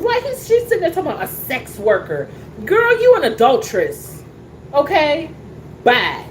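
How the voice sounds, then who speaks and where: A woman talks in a casual show, animated and sassy, full of fillers and restarts. Her voice sits a little high. A faint hum of room noise stays under it. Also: normal speed, poor audio. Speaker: soap opera talk show host. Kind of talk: casual chat reacting to a soap opera.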